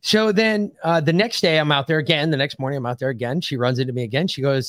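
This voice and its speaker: A man's voice: fairly high pitch, fast, few pauses, a bit bright, no echo, clean studio sound. Profane rambling man telling a story. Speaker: podcast co-host. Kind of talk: casual storytelling chat.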